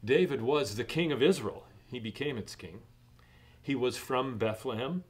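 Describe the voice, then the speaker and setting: A middle-aged man pastor preaching a sermon in a measured way, rising in emphasis on key points. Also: medium pitch.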